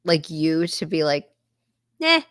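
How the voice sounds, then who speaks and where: Emphatic low-voiced young woman, dry sound. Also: a little slow, fairly bright tone, no room sound. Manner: emphatic, easily spooked, dramatic. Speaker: co-host of a reaction channel. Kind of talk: casual reaction chat.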